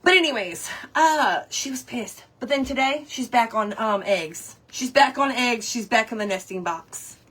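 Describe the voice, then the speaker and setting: A woman, chatting away as she paints on a craft livestream. Her voice sits high and bright with a breathy edge. She greets viewers by name and laughs easily. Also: expressive, normal speed, few pauses. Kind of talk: casual chat while painting on a livestream.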